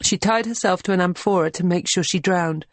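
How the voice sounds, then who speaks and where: A woman's voice: fairly low pitch, fairly quick, no echo, voice pushed up, close to an everyday voice. An audiobook narrator voicing a young woman who keeps her voice strained but controlled. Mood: sorrowful. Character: shrewd young woman trying to stay steady.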